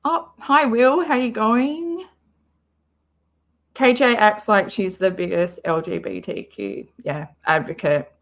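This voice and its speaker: A woman's voice: medium pitch, expressive, slow pace. A woman with an Australian accent, chatting bluntly and casually as she reacts to a podcast for her stream, swearing freely. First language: English.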